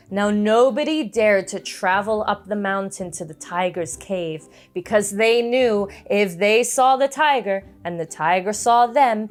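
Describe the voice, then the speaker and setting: A young woman telling a story to children, coaxing them to join in with gasps and playful animal noises. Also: medium pitch.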